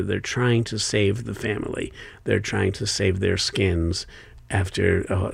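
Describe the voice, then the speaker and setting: A man's voice: on the low side, gravelly, husky, no room sound. An older man, an author being interviewed, talking in a thoughtful, wry and expansive way. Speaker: author guest. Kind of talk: conversational interview.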